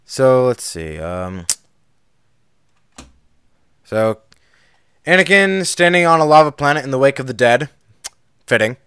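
A man telling a film's plot in a casual podcast chat, bouncing between narration and quick acted quotes. His voice is smooth and clean, and the recording is close and dry, with no room around it. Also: medium pitch, no echo. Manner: animated storyteller, acts out quotes, laughs often. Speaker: podcast co-host. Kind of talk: casual chat recapping a film.

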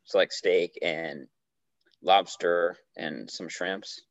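A man's voice: low-pitched, steady tone, takes it slowly, dry recording. A man co-hosting a casual podcast, joking loosely and sounding a little tipsy after a day of drinking. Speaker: podcast co-host. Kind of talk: casual chat. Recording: dull, dry lo-fi sound.

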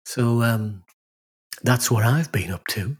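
A man's voice: mid-range voice, husky. A man with a northern English accent, telling stories in casual chat as podcast co-host. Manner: rambling storyteller, quick to laugh.

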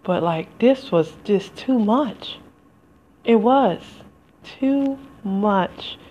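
A woman's voice: mid-range voice, lively intonation, drawn-out words, mellow. A woman talks straight to her listeners in a heartfelt, rambling solo podcast. Her voice sits in a middle range for a woman. The home recording is slightly dull and lo-fi, with faint noise underneath. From United States. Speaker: podcast host. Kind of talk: emotional solo podcast monologue.

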